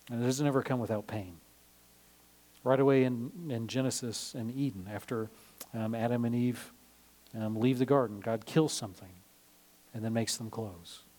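A man gives a Bible lesson in a sermon style, speaking casually and pausing often with "um"s. His voice sits at a middle pitch. He retells the passage in everyday words. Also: a little mellow. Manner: conversational, many "um" fillers, retells scripture in plain modern words. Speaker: preacher.

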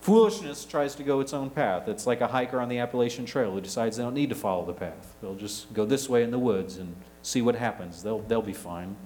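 A man, preaching a sermon, rising to loud emphasis and dropping to quiet asides. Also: mid-range voice, brisk, hardly any pauses, a little hiss or hum, rough recording. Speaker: pastor.

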